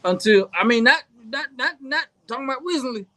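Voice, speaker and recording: A man's voice: very high voice, fairly quick. A man in his forties co-hosting a casual wrestling talk show, telling stories emphatically with slang and repetition. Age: 40s. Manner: animated storyteller, emphatic slang, repeats himself. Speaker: podcast co-host.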